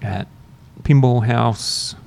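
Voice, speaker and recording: A man hosting a podcast, chatting in a relaxed, rambling, self-mocking way while drinking beer. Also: mid-range voice, drawn-out words, gravelly. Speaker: podcast host. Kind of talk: casual chat. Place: university room, drinking beer.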